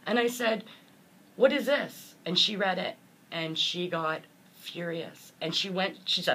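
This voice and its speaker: Woman speaker telling her own story, kinda low husky voice, earnest, does little voices for people in it. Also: measured pace, pushed and bright. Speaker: motivational speaker, guest. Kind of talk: personal storytelling in an interview.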